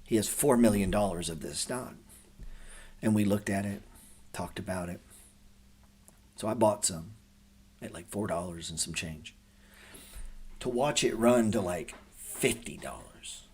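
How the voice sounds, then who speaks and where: A man in his forties talks casually to his viewers, spinning laid-back stories and swearing freely. His voice sits fairly low and has a husky edge. He sounds like an easygoing host of a trading show. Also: measured pace, pauses often, a little mellow.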